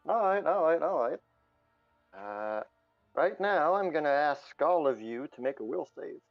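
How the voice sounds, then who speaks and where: A man's voice: on the high side, animated, unhurried, gravelly, dull audio, soft background music. A man narrating as game master of a tabletop role-playing game, playful and laughing often.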